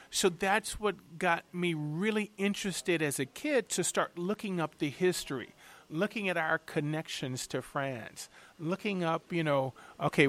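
A middle-aged man from Louisiana, a chef and TV cooking host answering interview questions in an animated, chatty way. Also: high-pitched.

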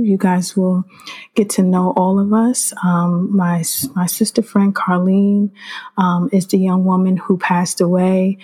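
A woman's voice: lowish voice, a little mellow. A woman hosting a podcast in a casual, conversational way, addressing listeners as "you guys" and "y'all". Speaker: podcast host. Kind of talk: casual chat.

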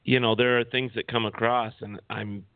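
A man's voice: mid-range voice, level tone, normal speed, dry recording. A man hosting a talk show, jumping in with laughing asides about his own spirit encounters. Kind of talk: casual talk show chat. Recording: dry phone-like audio.

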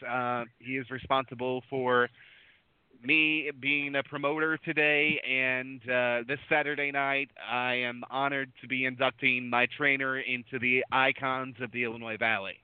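A man who is a wrestling promoter, hosting a radio show and briskly introducing guests. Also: medium pitch, flat delivery, clear, resonant tone, no room sound. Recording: dry tinny phone line.

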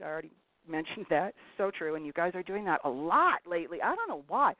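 A woman's voice: on the low side, big pitch swings, fast talker, dry recording. A woman hosting a casual advice talk, blunt and scolding her listeners. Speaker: talk show host. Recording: tinny phone-like dry sound.

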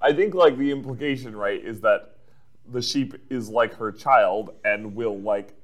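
Regular-pitched guy recapping stuff on a podcast, laughs a lot, says um and like. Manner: chatty recapping, quick laughs, many fillers. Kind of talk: casual chat.

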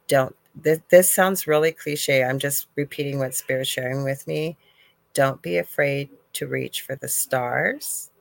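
Canadian lady psychic host, chatty and upbeat, bit of gravel in her voice, dry close sound. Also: a bass voice, no room sound, rough recording. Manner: chatty, encouraging, repeats herself, self-deprecating asides. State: briefly coughing. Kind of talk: casual psychic reading on a talk show.

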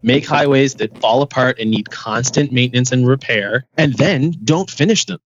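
Deadpan joking man, dull lo-fi sound. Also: mid-range voice, normal speed, dry recording. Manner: dry joking, deadpan exaggeration. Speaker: musician. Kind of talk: casual podcast chat, storytelling.

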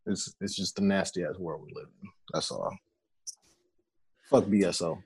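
A man's voice: low voice, moderate pace, darkish tone, breathy edge. A man co-hosting a casual podcast chat who jokes and laughs often. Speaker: podcast co-host.

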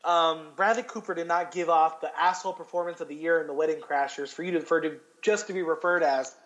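A man's voice: on the high side, quick pace, fairly bright tone, muffled recording. A man co-hosting a casual podcast chat, rambling and swearing with lots of restarts. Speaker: podcast co-host.

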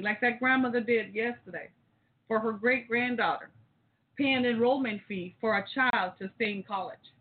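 A woman's voice: a little high, normal speed. A woman hosting a talk show, delivering a rousing, preachy monologue straight to her listeners. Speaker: host. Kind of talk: impassioned call-in radio monologue. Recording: tinny phone-like audio.

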